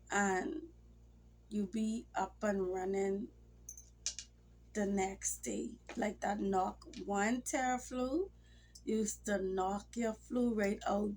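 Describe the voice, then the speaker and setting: A woman's voice: medium pitch, a little mellow. A woman talking casually to her camera in a rambling, emotional way. She has a cold and sometimes drops into near-whispers. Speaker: vlogger. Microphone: phone or camera mic.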